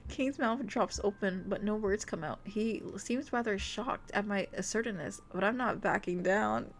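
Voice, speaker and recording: A woman's voice: mid-range voice, moderate pace, a little hiss or hum. A young woman streamer reading a romance visual novel aloud, breaking in with giggly, gushing asides. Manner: giggly, gushing asides between dramatic narration. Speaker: VTuber streamer.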